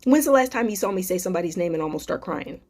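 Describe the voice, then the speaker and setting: A woman's voice: fairly low pitch, expressive, very fast, darkish tone. A woman hosting a live stream Q&A as a life coach, speaking affectionately and emotionally to viewers with spiritual encouragement, calling them darling and sweetheart.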